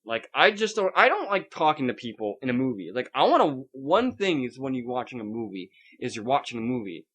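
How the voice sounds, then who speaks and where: A man's voice: mid-range voice, brisk, hardly any pauses. A man hosting a podcast, ranting about a night at the movies in casual chat and swearing freely. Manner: ranting, swearing, animated storytelling. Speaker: podcast host.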